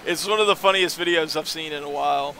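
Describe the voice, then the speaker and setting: A man's voice: a little high, fast, vocal fry, sharp tone, slight background noise. A man streaming a video game, chatting casually and rambling to his viewers. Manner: rambling, chatty, reads chat aloud. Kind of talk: casual gaming stream chat.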